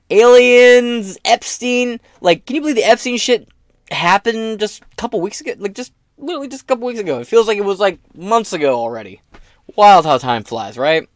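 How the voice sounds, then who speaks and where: Male podcast host, lively and high-ish, crude joking commentary, dry close sound. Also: no echo. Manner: rambling, profane, joking asides. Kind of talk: casual political podcast commentary.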